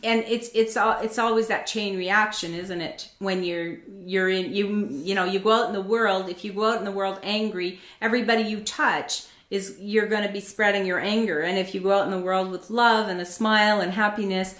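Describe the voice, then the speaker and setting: A woman's voice: mid-range voice, fairly even intonation, moderate pace, few pauses, a bit bright. A woman hosting a casual interview, chatty and keen on acting out little bits of dialogue in other voices. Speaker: host. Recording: echoey room.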